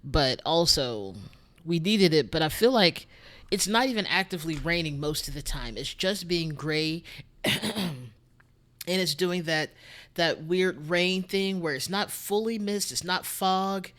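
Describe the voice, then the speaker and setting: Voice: medium pitch, lively intonation, unhurried, a bit bright. A music streamer with a Texan accent, chatting casually and rambling to viewers from a home studio at a desk microphone. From Texas. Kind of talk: casual livestream chat.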